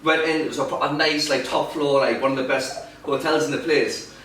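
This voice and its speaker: A man telling sweary, animated stories as a podcast co-host. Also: a little high, brisk, a little hiss or hum. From England. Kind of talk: casual storytelling chat. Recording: echoey room, mic at a distance.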